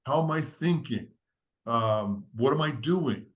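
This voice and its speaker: A man's voice: mid-range voice, expressive, takes it slowly. Man earnestly explaining a framework. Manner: earnest, structured, teacherly. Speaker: podcast guest, leadership author.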